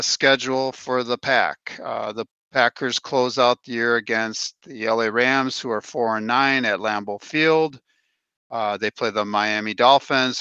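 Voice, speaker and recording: A man's voice: medium pitch, sharp tone, clear, resonant tone, dry recording, muffled recording. A man co-hosting a casual sports podcast, going through stats and quotes with plenty of "uh"s. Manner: reads stats and quotes, with filler "uh"s. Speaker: podcast co-host.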